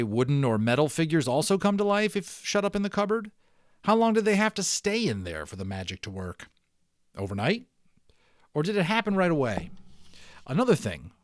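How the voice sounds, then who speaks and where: A man narrating a children's novel aloud in an expressive, dramatic storytelling style. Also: mid-range voice, dry recording, clean studio sound. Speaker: audiobook narrator.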